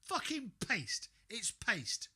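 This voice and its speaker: A man streams a game and muses out loud, sarcastic and quick to swear as he talks to himself. His voice sits high and bright, with a sharp edge, and his pitch jumps around a lot. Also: wildly swooping pitch, husky. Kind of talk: casual gaming livestream chat.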